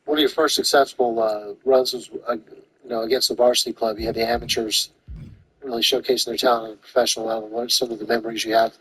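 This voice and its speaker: A man's voice: medium pitch, steady tone, fast talker, fairly bright tone, slight background noise, rough recording. A man asking interview questions.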